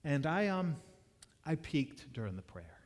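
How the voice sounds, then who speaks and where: A man's voice: fairly high pitch, sing-song, unhurried, big-room sound. A man preaching a sermon, telling a story in a conversational way with frequent restarts. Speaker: pastor.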